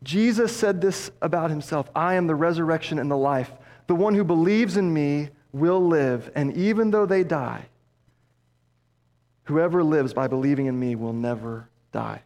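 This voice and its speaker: A man preaching a sermon as pastor, passionate, dropping low and soft for emphasis. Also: moderate pace. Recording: long hall reverb.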